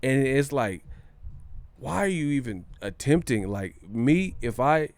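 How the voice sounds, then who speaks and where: A man's voice: mid-range voice, sing-song, measured pace, a little mellow. A man hosting a casual commentary vlog on his channel, slangy and joking, laughing often. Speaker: boxing channel host.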